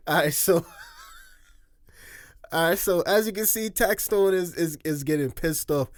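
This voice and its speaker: A man's voice: on the high side, a little slow, slight background noise. A man giving casual video commentary, chatty, laughing often, with slangy asides.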